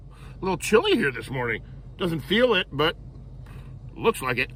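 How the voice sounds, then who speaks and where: A man narrates his camping vlog outdoors with a relaxed, joking ease. His voice sits a little high and bright, and he takes his time over each thought. Faint outdoor hiss runs behind him. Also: moderate pace. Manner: jokey, playful and self-amused. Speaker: vlogger. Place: campground outdoors.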